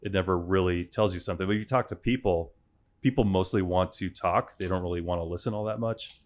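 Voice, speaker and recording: Man, very deep voice, dry wisecracking podcast co-host, casual studio chat. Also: fast talker.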